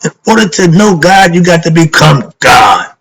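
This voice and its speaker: A man's voice: fairly high pitch, sing-song, normal speed, background noise. Emphatic man teaching with rhetorical questions. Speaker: spiritual teacher. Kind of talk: informal spiritual lesson.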